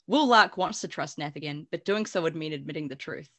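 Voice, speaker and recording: A woman's voice: deep voice, a little fast, sharp tone. A woman podcast host casually recapping book chapters, giggly and swearing freely.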